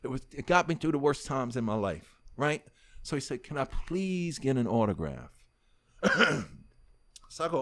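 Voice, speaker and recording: A middle-aged man from the United States, a rapper with a New York accent, tells a long story at a moderate pace as a podcast guest in a casual interview. His mid-range voice shifts as he acts out other people's dialogue, and he swears freely throughout.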